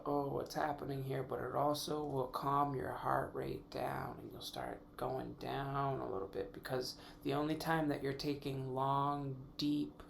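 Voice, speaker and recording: A man hosts a solo podcast in a loose, rambling style, working ideas out aloud and correcting himself as he goes. His voice sits at an ordinary pitch with a gravelly edge. A faint hum runs under the recording. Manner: casual with mild swearing. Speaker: podcast host. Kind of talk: casual solo podcast musing.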